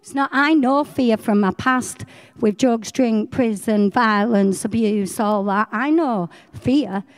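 A middle-aged woman, telling her faith story in a chatty, animated way. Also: a little high, takes it slowly, in a large hall. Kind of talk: personal faith testimony.

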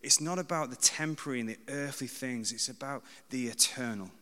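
A man in his thirties delivers a sermon in a bright, forceful voice. He talks conversationally, pokes fun at himself and repeats short lines for emphasis, while his words ring out with a long reverb in a church hall. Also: medium pitch, fairly quick. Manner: conversational, self-deprecating, emphatic repetition. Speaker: preacher.

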